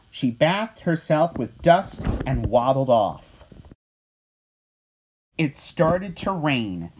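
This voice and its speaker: Slow, expressive storybook reader. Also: mid-range voice, a little hiss or hum, poor audio. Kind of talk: storybook read-aloud.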